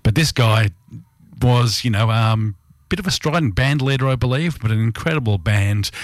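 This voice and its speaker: A man's voice: medium pitch, animated, normal speed, dry recording, studio quality. A middle-aged man presenting music in a rambling, casual chat full of fillers and asides.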